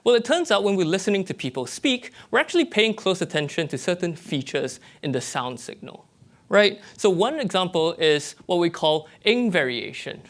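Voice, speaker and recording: A young man with a Malaysian English accent, giving a lively, explanatory TED-style talk as a graduate student presenter and checking in with his audience. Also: high voice, moderate pace.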